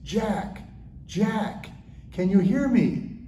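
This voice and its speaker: A man voicing God as a calm, patient voice from above, gently firm. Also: high-pitched, very slow, reverberant, far from the mic, slight background noise, voice pushed up, full character voice.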